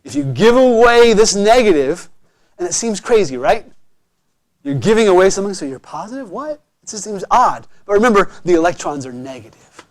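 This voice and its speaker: A man's voice: high-pitched, animated, brisk. A man teaching chemistry to a class, encouraging and often checking that students follow. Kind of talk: classroom lecture.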